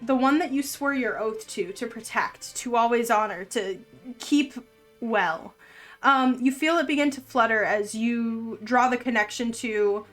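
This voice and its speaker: A woman who, as game master, narrates a tabletop game in an unhurried, descriptive storytelling way. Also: a little high, fairly bright tone.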